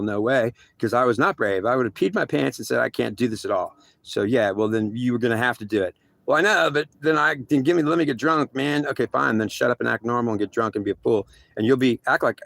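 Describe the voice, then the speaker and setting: A man tells a long first-person story at a fast clip, his voice rough with fry. He stumbles and restarts often, and he mimics other people's remarks in quick back-and-forth. The sound is dry and close, with no room around it. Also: fairly low pitch, a bit bright, no echo. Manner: halting, repetitive, many restarts.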